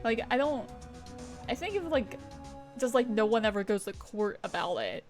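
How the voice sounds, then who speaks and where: A woman's voice: mid-range voice, animated, normal speed. A young woman streaming a game, chatting casually in a rambling, filler-heavy way and laughing often, with faint game music behind her. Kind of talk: casual gameplay commentary, reading game text aloud.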